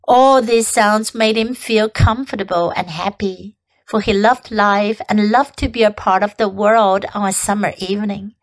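Female teacher narrator, high voice, slow gentle storybook read-aloud. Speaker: English reading teacher.

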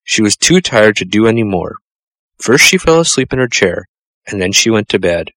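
Low-voiced man reading a storybook. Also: big pitch swings, normal speed, fairly bright tone, no echo, poor audio. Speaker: narrator.

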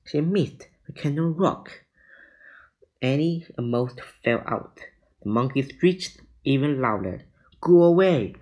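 Slow man reading a children's book. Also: medium pitch, lively intonation, poor audio. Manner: slow, deliberate reading with small slips. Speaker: reader.

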